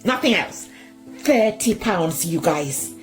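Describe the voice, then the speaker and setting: A woman's voice: on the low side, lively intonation, slow, soft background music. A woman ranting in a social media vlog, exasperated and exclaiming, close to tears. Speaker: shopper.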